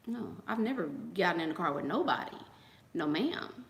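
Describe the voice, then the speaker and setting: A woman hosting a casual livestream talks with a gravelly voice on the low side, very animated and at normal speed, with reverberation around her. She chats with viewers and shares gossipy stories, acting out quotes and tossing in fillers and trailing asides.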